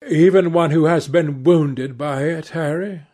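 A man's voice: fairly high pitch, measured pace, warm tone, pitched above the performer's own voice. A man reading aloud and voicing a flirtatious, witty aristocratic duchess with an arch, teasing manner. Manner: teasing, mock-sad, arch.

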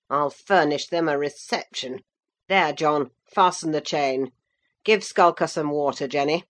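A woman voicing a pompous old magistrate. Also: low voice. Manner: pompous and blustering. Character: pompous older male magistrate.

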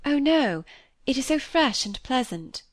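A woman reading the part of a timid, tearful young woman who speaks in a soft, pleading way. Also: high voice, very animated, a little slow, no room sound, studio quality, pitched above the performer's own voice, full character voice. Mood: polite.

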